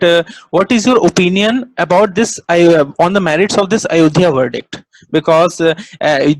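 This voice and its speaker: Hesitant young student moderator. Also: male voice, a little high, dry recording, poor audio. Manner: deferential, hesitant, repeating "yes, sir". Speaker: student moderator reading questions. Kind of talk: webinar moderation. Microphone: video call.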